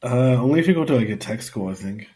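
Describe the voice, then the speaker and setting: A man's voice: mid-range voice, lively intonation, fast talker, mellow, husky. Laid-back man tossing wry one-liners. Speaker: podcast co-host. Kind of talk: casual chat.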